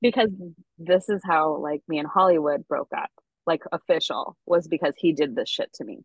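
A woman's voice: sits low, moderate pace, husky, dry recording, rough recording. A woman co-hosting a podcast, telling a story in a candid, profane, casual way with lots of fillers. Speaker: podcast co-host. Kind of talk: casual chat.

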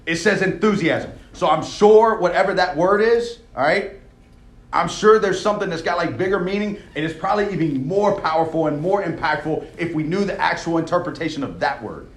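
A young coach delivers an emphatic, conversational sermon during a devotional, frequently checking in with "all right?". His voice is a little high, with lively intonation and a fairly quick pace, and the room echoes.

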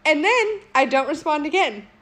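A woman with a high voice tells a story in loose, casual podcast chat. She laughs often, swears freely and acts out other people's lines as she goes. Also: big pitch swings, moderate pace, fairly bright tone. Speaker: podcast co-host.

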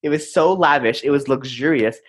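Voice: mid-range voice, fairly quick, husky. A young adult in a casual chat, telling stories with lots of fillers and restarts. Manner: animated storyteller, many fillers.

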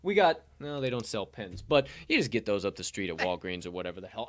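A man co-hosting a sports betting podcast, talking casually with loud, profane, showman-style hype and ad reads. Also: lowish voice, expressive, a little fast.

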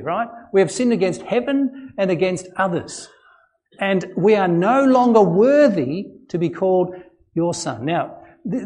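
An Australian pastor with a high-pitched, somewhat mellow voice preaches a sermon in a church. He's earnest and conversational, often repeating phrases and chuckling between points.

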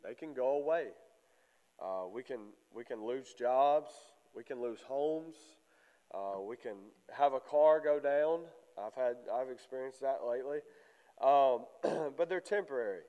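Man preaching, congested, smooth resonant voice, lots of uh and um, long church reverb. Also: mid-range voice, dark tone, lo-fi sound. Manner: halting, many fillers. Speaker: lay preacher. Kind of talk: sermon with prayer. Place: church sanctuary.

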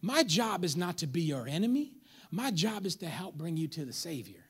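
Preaching at a moderate pace, this pastor has a fairly high, slightly rough voice. His lively church sermon is animated, full of jokes with the crowd and impressions of his listeners.

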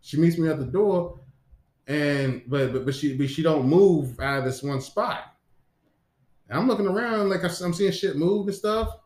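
Man, podcast co-host, rambling storyteller, swears a lot, fairly high voice, roomy echo. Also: lively intonation, normal speed, a little mellow. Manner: rambling, profane, many restarts. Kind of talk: casual storytelling. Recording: echoey room.

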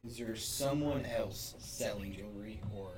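A man's voice: lowish voice, measured pace. A man playing a tabletop game, talking casually and playfully in character and out. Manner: casual, playful player talk. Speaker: player.

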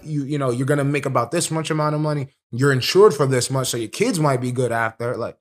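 A man's voice: mid-range voice, fast talker, few pauses. A young man, a professional fighter, telling fight stories in a casual podcast chat, streetwise and profane. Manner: streetwise, profane, animated storytelling.

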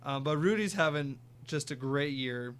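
A man's voice: on the high side, lively intonation, normal speed, a bit bright, a little hiss or hum. A young man co-hosting a sports podcast, casually reeling off stats and teasing. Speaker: podcast co-host.

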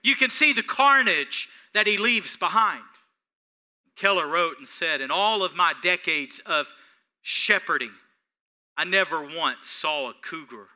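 A man preaching a sermon as pastor, swinging between hushed storytelling and loud, emphatic lines. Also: on the high side, lively intonation, measured pace.

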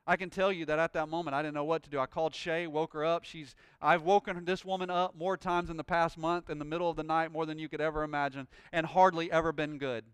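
A man preaching a sermon, telling a personal story and rising into loud, joyful praise. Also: a little high, fairly even intonation, fast talker, hardly any pauses, smooth, dry recording. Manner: exuberant, shouting praise. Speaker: pastor.

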